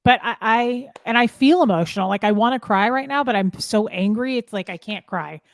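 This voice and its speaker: A middle-aged woman telling a painful personal story, upset and halting, often restarting her sentences. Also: a little high, no room sound, clean studio sound. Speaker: guest sharing her story. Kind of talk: emotional personal account.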